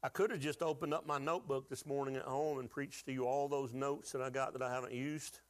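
A man's voice: medium pitch, steady tone, fairly quick. A man preaching a sermon to his church, folksy and joking, asking the congregation to call out answers. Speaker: pastor.

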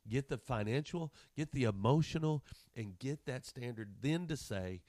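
A man's voice: mid-range voice, lively intonation, normal speed, darkish tone, no echo. A man preaching a sermon, passionate and acting out the voices of people in his examples. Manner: impassioned, acts out voices of people and scripture.

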